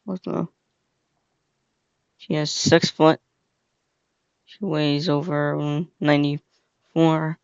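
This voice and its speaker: A man's voice: a little high, little pitch movement, slow, creaky, long pauses, clean tone, no room sound. A young man hosting a casual reaction video, rambling with lots of fillers and slang. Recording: dull, lo-fi, dry sound.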